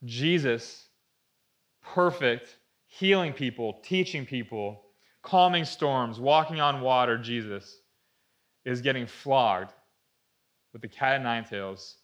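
A man preaching a sermon, reading scripture and retelling the story vividly, dropping to a hushed tone at dramatic moments. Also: mid-range voice. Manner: storytelling, acting out voices in Bible readings. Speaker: pastor.

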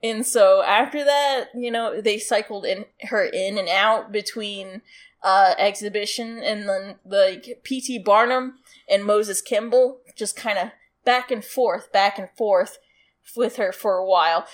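A woman's voice: medium pitch, measured pace. A woman co-hosting a podcast, telling a story in casual chat, giggly and swearing freely. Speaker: podcast co-host.

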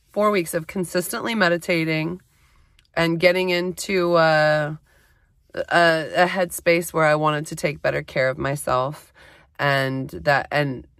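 A woman's voice: sits low, a bit bright, dry recording, studio quality. A woman hosting a casual solo podcast, chatty and self-deprecating, with many fillers, talking into her phone in a small closet. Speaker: podcast host.

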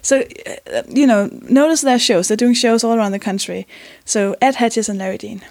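A woman's voice: on the high side, a little fast, darkish tone, no room sound. A woman hosting a comedy podcast, rambling and friendly, laughing a lot. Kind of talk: casual podcast conversation.

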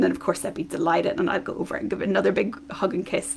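A woman's voice: lowish voice, level tone, quick pace, vocal fry, darkish tone, a little hiss or hum. A woman hosting her own parenting podcast, talking alone in a chatty way with many fillers and restarts. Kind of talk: solo podcast talk.

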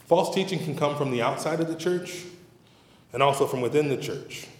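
A man's voice: fairly high pitch, normal speed. A middle-aged man preaching a sermon as pastor, in a conversational, humorous and emphatic manner, in a church sanctuary. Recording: roomy hall reverb.

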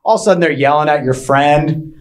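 A man doing a stand-up routine, rambling and hesitant and full of restarts, playing it deliberately awkward. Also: on the high side. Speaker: stand-up comedian.

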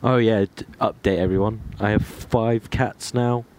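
A man's voice: fairly low pitch, steady tone, unhurried, darkish tone, slight background noise. A young man co-hosting a podcast, firing off sweary, jokey retorts. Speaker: podcast co-host. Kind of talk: casual chat.

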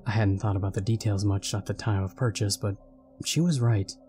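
A man with a low, dark voice reads a horror story in a measured, steady way. Faint music plays behind him. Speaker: narrator. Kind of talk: scripted horror story narration. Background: faint background music.

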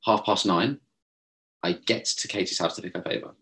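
A young man telling a long story in casual chat, animated and swearing, mimicking others as he goes. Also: deep voice, normal speed. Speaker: podcast co-host.

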